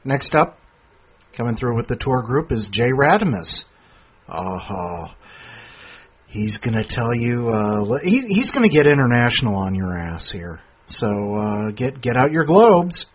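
A podcast host rambles between segments, joking and sarcastic, with a husky voice. The recording is dull and lo-fi. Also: male voice, mid-range voice, sing-song, a little slow. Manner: rambling, jokey, sarcastic asides. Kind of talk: casual podcast hosting.

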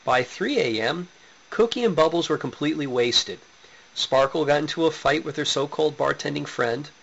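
A man's voice: a little high, creaky, a bit bright. A man reading a short story in a matter-of-fact way. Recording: dull lo-fi recording.

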